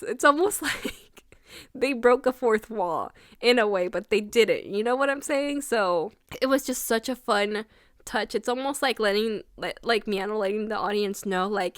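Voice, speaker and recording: A woman's voice: a little high, moderate pace, dry recording, clean studio sound. A woman reviewing an anime episode in a casual, gushing and emotional way, with lots of fillers.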